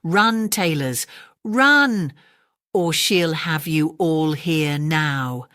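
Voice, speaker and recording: A woman voicing a chorus of tiny cheeky mice tailors in a high, twittering sing-song for a storybook reading. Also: animated, unhurried, no echo, clean studio sound. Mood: singsong.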